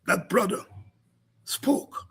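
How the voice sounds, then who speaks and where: Speaking extremely slowly, a Guyanese man hosts a program of political commentary. His cadence is fervent and sermon-like, rising into cries and shouts.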